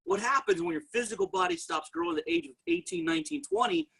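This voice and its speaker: Animated gravelly man pitching. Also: fast talker, rough recording. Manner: energetic storytelling, talks straight to the audience. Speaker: network marketing presenter. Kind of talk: motivational sales testimony.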